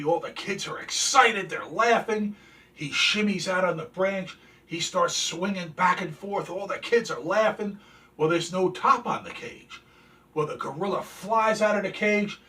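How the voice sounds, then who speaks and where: A man's voice: sits high, expressive, a little slow, sharp tone. A male show host telling corny jokes and showing collectibles in a folksy, chatty way. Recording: distant from the mic.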